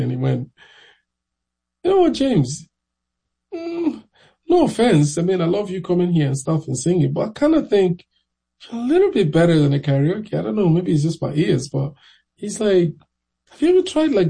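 A man recounts his past in loose, casual storytelling, slipping into lively impressions of the people he met. His voice sits fairly high for a man, yet it is dark and gravelly, with a husky edge. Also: a little fast, low-quality recording. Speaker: interviewee.

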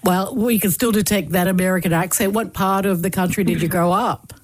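A woman's voice: mid-range voice, fairly even intonation, fairly quick, dry recording. A woman hosting a community radio interview, asking friendly, probing questions. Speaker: radio host.

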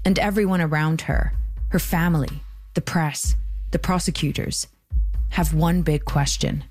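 A woman hosting a podcast, giving measured, scripted documentary narration. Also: sits low, steady tone, a little mellow, faint music behind. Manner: measured, deliberate storytelling.

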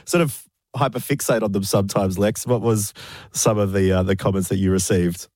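A man's voice: fairly low pitch, steady tone, a little fast, a little mellow, dry recording. An Australian man co-hosting a podcast, with a wry, dry sense of humor. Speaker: podcast co-host. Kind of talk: casual podcast chat.

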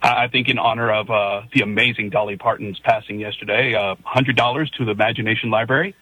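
A man's voice: lowish voice, fairly even intonation, fast talker, sharp tone, slightly rough, no echo, rough recording. A man calling into a radio show, talking in a hesitant, stammering, good-natured way. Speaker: caller. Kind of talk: call-in radio chat.

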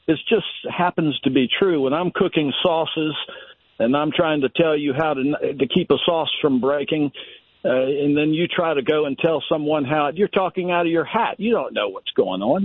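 Over a dry phone line with no room sound, an older man from Virginia calls into a radio show to share his views, forceful and meandering. His voice is a little high and slightly breathy, at normal speed.

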